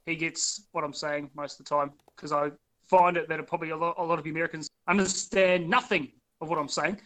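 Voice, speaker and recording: A man's voice: fairly high pitch, fairly even intonation, brisk, a bit bright. A young man with a New Zealand accent in a loose, profane casual chat, often repeating words as he restarts.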